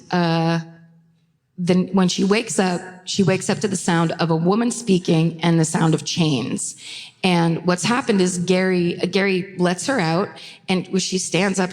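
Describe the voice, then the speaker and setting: A woman's voice: fairly low pitch, darkish tone. A woman co-hosting a live true crime podcast, telling the case casually with swearing and laughing asides. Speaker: podcast co-host. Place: theater stage before a live audience. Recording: reverberant live theater sound.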